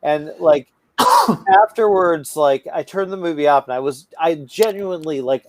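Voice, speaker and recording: A man co-hosts a casual podcast chat in a voice on the high side, speaking unhurriedly. He's stoned, rambling and swearing a lot, and keeps stumbling over his words.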